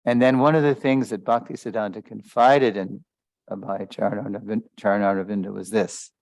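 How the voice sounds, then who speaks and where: A man's voice: on the low side, fairly even intonation, brisk, creaky, darkish tone, dry recording. A man giving a spiritual lesson as a story, talking loosely with many fillers and small chuckles. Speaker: spiritual teacher. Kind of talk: storytelling lecture.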